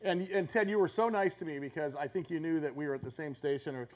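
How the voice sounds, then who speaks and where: A male radio host chatting eagerly, jumping in with excited questions. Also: a little high, fast. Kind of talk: casual radio talk.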